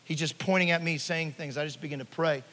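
A man preaches with a high, ringing voice that carries through a hall with long reverb. He tells stories in a hushed tone, then rises into loud, stirring calls to his congregation. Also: steady tone, fast talker. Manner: storytelling preacher, swings between hushed and loud. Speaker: pastor. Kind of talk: sermon.

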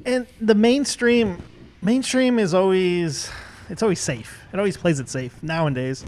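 A man with a notably high voice jokes his way through a casual podcast panel. He laughs often and drags out his points when he muses. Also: darkish tone, a little hiss or hum. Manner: joking, laughs often, drawn-out musing.

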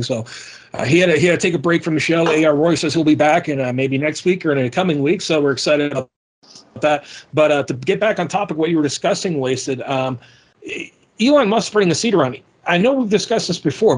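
Male podcast host, higher voice, profane and ranting, casual chat. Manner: ranting, profane, addresses listeners as folks.

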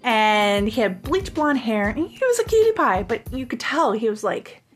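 A woman's voice: a little high, lively intonation, normal speed. A woman hosting a podcast, telling a personal story in a casual, rambling way full of "um" and "like". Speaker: podcast host.

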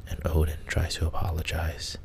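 A man hosting a sleep show, telling a bedtime story in a soft, half-whispered, meandering way. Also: very deep voice, monotone, vocal fry, slight background noise. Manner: meandering and unhurried, with casual restarts.

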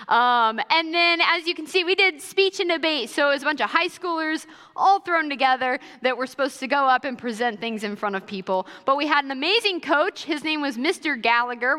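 A woman's voice: high voice, sharp tone, clean tone. A young adult woman giving a conversational sermon full of personal stories. She talks in a casual, chatty way with fillers like "kinda" and "like". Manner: casual and chatty, many fillers like 'kinda' and 'like'. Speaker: church speaker. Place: church auditorium. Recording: long reverb of a large church hall.

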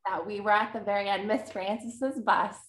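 A woman in her thirties chats as a podcast guest, rambling through memories and laughing easily. Her voice sits at an ordinary middle pitch. The room around her rings with echo. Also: fairly even intonation, normal speed, a bit bright. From New Jersey. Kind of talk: casual chat. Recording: echoey room.

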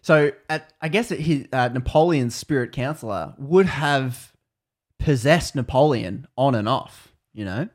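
A man's voice: mid-range voice, a little slow. A young Australian man tells a story on his podcast in a loose, casual way. He laughs often and acts out other people's lines as he goes. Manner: laughs often, animated retelling with quoted voices. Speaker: podcast host.

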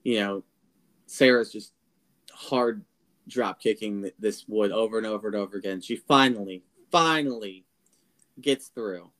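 A man co-hosting a podcast, casually recapping a film's plot and acting out lines in quick impressions. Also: fairly low pitch, a bit bright. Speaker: podcast co-host. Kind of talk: casual spoiler review chat.

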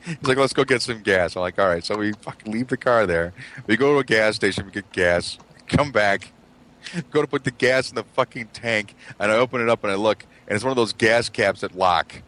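A man's voice: fairly low pitch, a little fast, fairly bright tone. A man casually telling a funny story to friends, swearing a lot and acting out what people said. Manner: profane, laughing, acts out quotes. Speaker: podcast co-host.

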